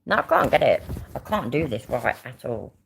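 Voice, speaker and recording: A woman's voice: very deep voice, big pitch swings, normal speed, gravelly, background noise. A woman with a British accent giving sarcastic, sweary casual reaction commentary. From Britain. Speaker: reaction vlogger.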